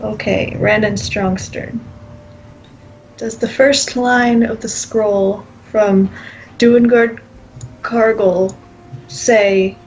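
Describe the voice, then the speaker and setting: A woman playing a tabletop game who speaks slowly and deliberately. Her audio is dull and lo-fi, with a faint hiss underneath. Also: medium pitch, steady tone, a little mellow. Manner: slow, careful questioning. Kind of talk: casual play over a call.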